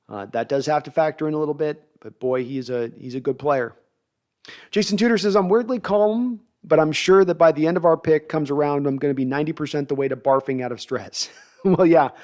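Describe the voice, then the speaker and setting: A middle-aged man hosting a live sports draft stream, reading viewer comments and talking in an animated, rambling way. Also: on the high side. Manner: animated, hyped, rambling with restarts.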